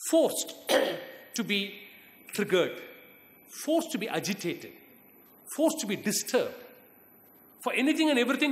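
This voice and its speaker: A man's voice: high-pitched, a bit bright. Earnest lecturing man in an echoey hall. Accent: Indian English. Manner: earnest, exhorting, pauses for emphasis. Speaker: guest lecturer. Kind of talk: university lecture answering student questions.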